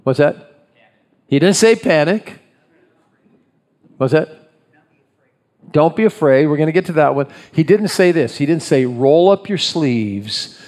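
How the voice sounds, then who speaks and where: A man's voice: fairly high pitch, measured pace, pauses often, darkish tone. A man leading a congregation in prayer and then preaching a sermon, asking the listeners questions as he goes. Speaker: pastor.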